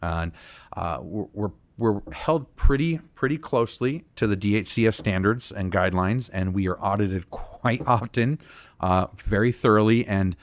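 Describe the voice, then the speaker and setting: A man on a community town hall panel, explaining treatment barriers earnestly with frequent fillers. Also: lowish voice. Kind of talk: panel discussion talk.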